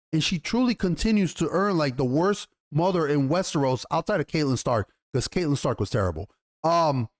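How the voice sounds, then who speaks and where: A man giving a casual, excited review of a TV episode, rambling and swearing casually as he goes. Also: high voice. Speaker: TV show reviewer.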